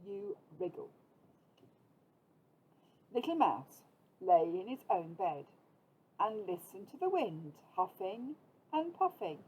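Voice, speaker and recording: British teacher lady reading a kids story, husky voice, goes up and down a lot. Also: medium pitch, big pitch swings, slow, rough recording. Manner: gentle, inviting the children to join in. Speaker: primary school teacher. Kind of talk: reading a story aloud to young children.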